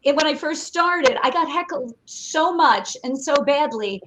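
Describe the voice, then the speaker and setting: A chatty woman comedian tells stories animatedly in a high voice during a casual podcast chat. Faint noise sits behind her. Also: lively intonation, unhurried, a bit bright, low-quality recording. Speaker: guest comedian.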